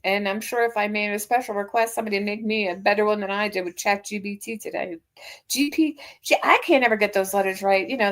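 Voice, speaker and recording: A woman hosting a casual livestream, her voice sitting at an ordinary middle pitch. She chats loosely and teases, breaking into laughter as she greets viewers. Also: a bit bright. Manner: chatty, teasing, laughs often. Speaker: livestream host.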